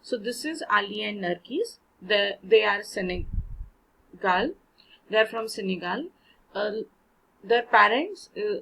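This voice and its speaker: A woman's voice: on the high side, a bit bright, slightly rough, low-quality recording. A woman from India, teaching a French textbook lesson, reading short dialogues aloud and explaining them casually in with frequent fillers.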